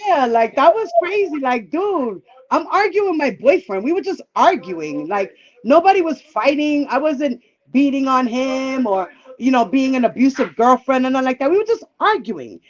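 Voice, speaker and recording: A woman with a high voice tells a personal story in a loose, candid way, swearing freely and acting out the lines of the people in it. Her voice comes through slightly muffled, like audio from a live stream. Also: very animated, normal speed. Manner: candid and profane, acting out quoted dialogue. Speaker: livestream guest. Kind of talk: casual storytelling.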